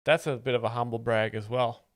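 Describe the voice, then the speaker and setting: A man who hosts a show explaining jokes, giving deadpan mock-expert commentary in a dry, matter-of-fact way. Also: medium pitch, a little fast, slight background noise.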